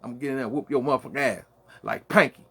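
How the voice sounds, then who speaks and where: A man's voice: mid-range voice, rapid-fire, a bit bright, breathy edge. A man with a Brooklyn accent hosting a late-night solo rant from his man cave, full of boastful, profane trash talk. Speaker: host.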